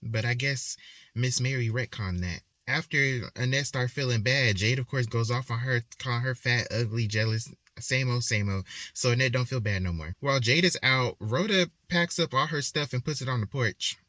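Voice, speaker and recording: A man's voice: medium pitch, moderate pace, sharp tone, dry recording. A young man casually recapping a novel as a book reviewer, chatty and colloquial, acting out the characters' lines. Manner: chatty, colloquial, acts out quotes.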